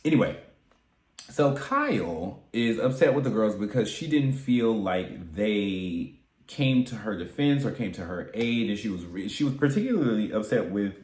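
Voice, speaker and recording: A man's voice: lowish voice, expressive, moderate pace, a little mellow, reverberant. A man giving casual, sassy recap commentary on a reality show, chatty and candid with frequent asides.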